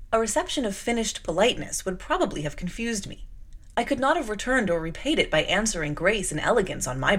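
A woman hosting a storytime show, reading a classic novel aloud expressively and breaking off to explain the text. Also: mid-range voice. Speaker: host and reader. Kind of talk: audiobook reading with commentary.

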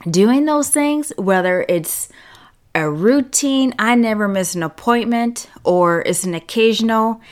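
A woman vlogger talking straight to the camera, blunt and sarcastic, stressing her words and leaving long pauses. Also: a little high. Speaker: relationship and self-care vlogger. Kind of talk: casual direct-to-camera monologue.

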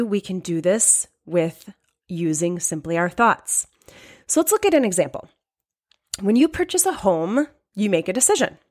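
A woman hosting her own podcast, talking earnestly in a conversational way, often repeating key lines for emphasis and adding "right?" asides. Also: mid-range voice. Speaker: podcast host. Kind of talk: solo podcast talk on decisions.

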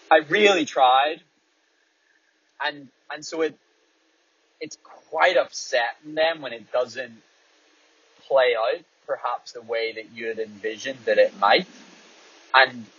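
A man's voice: medium pitch, a bit bright, breathy edge. A man, a runner, talking candidly in a casual rambling monologue while driving a small car, swearing freely. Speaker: distance runner and podcast host. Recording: dull audio, faint road noise.

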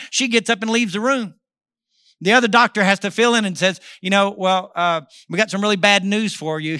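A man in his fifties preaching with a high, very bright voice. He tells his story in a swinging delivery that climbs loud and drops to a hush. The sound is close and dry. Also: no room sound. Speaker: pastor. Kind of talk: sermon.

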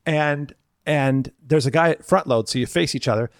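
A middle-aged man co-hosting a podcast, telling animated stories in casual chat and acting out the people he quotes. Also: on the high side, moderate pace, no echo, studio quality. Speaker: podcast co-host.

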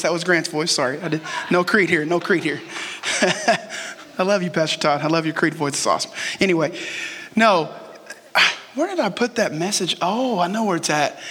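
High, bright-voiced preacher in a hall. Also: male voice. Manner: joking, self-teasing, animated. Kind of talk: lively sermon. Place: church sanctuary. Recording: long reverb of a church hall.

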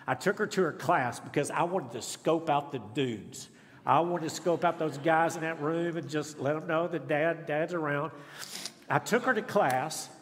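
A man's voice: fairly high pitch, moderate pace. A middle-aged man, preaching as a guest speaker with folksy, self-deprecating stories and humor. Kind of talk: sermon. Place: church sanctuary. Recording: long church reverb. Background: congregation responding.

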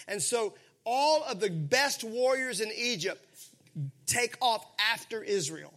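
A man preaching to his congregation with a high-pitched voice. His tone is bright and ringing. He keeps things animated, stopping to have everyone call answers back to him. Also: normal speed. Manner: animated, calls for congregation responses. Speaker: pastor. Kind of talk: sermon.

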